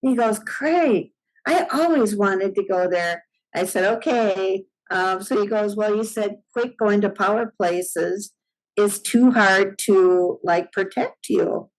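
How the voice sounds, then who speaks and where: A middle-aged woman telling a story at an unhurried pace, her voice sitting in a middle register. She acts out each line of dialogue and laughs often as she talks. The tone is casual and chatty, like a guest on a podcast. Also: mid-range voice, rough recording.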